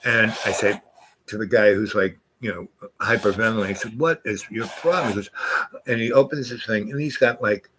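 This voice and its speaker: A man's voice: lowish voice, brisk, slight background noise. Rambling older man telling a story. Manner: rambling, animated, acts out voices in quotes. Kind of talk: casual spoken storytelling.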